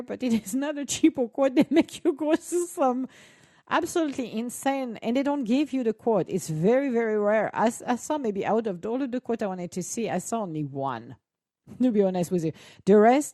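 A woman's voice: medium pitch, expressive, normal speed, warm tone, dry recording, clean studio sound. A woman co-hosting a show, chatting casually and animatedly to her listeners with frequent exclamations and laughter. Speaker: co-host.

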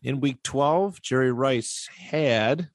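A man hosting a casual sports podcast, reading out stats with pauses and filler words. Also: medium pitch, no echo, studio quality. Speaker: podcast host.

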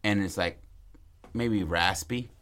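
Man with a low voice, co-host, loose profane storyteller, chatty and rambling. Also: slow pace, fairly bright tone. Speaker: podcast co-host pitching a film plot. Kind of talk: casual storytelling chat.

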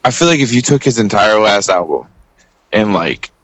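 A man with a somewhat low voice gives blunt, dismissive takes in casual hip-hop banter. He swears freely. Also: animated, normal speed, a crowd in the background, poor audio.

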